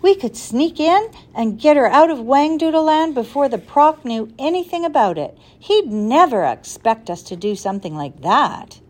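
A woman voicing an eager, excitable boy who talks in a pleading, urgent way. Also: high voice, normal speed, few pauses, voice pushed up.

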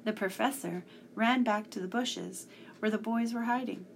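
A woman reading a children's story aloud, measured and sometimes hushed. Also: mid-range voice, vocal fry, slight background noise.

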